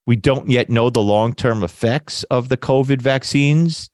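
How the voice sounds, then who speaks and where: A man's voice: mid-range voice, a little slow, darkish tone, dry recording, studio quality. A man hosting a talk radio show, rambling and correcting himself, with lingering congestion. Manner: rambling, self-correcting, laughs mockingly. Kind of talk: conservative talk radio commentary.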